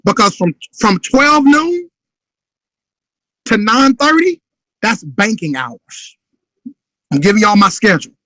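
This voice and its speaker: A man's voice: sits high, sing-song, slow, long pauses, sharp tone, dry recording, rough recording. A man giving a motivational business talk in an urgent, emphatic way, sometimes acting out sales calls. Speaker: motivational speaker.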